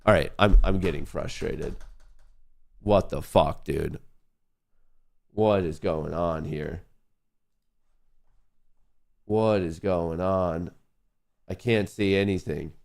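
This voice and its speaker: A man's voice: deep voice, slow, creaky, long pauses, darkish tone. A man hosting a live stream about trading, thinking aloud to his viewers and muttering to himself at his computer. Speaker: livestream host and day trader.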